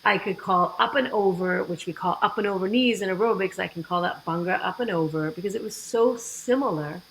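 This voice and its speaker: Animated woman with a gravelly edge. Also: mid-range voice, a little fast, a little hiss or hum, rough recording. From United States. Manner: animated, acts out quoted dialogue. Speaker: fitness program founder, guest. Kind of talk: podcast interview storytelling.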